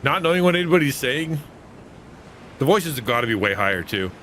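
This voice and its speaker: A man's voice: medium pitch, sing-song, fairly quick, a bit bright, slight background noise. A man streaming a video game, chatting playfully with his viewers and teasing himself as he plays. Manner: playful, self-mocking, chatty with chat. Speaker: gaming streamer and host. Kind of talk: casual live gameplay commentary. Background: game music.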